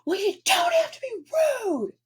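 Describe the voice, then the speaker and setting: A woman voicing a nagging, distracting caller who stands for the planet Mars, in a shrill, pestering tone. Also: wildly swooping pitch, normal speed, heavily acted.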